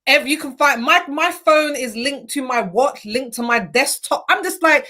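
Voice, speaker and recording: A woman's voice: high voice, moderate pace, few pauses. A young adult woman from the UK chatting casually and animatedly as a podcast guest. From United Kingdom. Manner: animated, acts out quoted thoughts. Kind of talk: casual chat.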